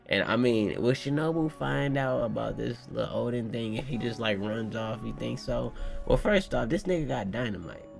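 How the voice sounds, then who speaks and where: A man giving live, slang-heavy reaction commentary, reading character lines aloud in his own voice and shouting with laughter when he gets hyped. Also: medium pitch, normal speed, vocal fry, soft background music. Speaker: manga reaction streamer.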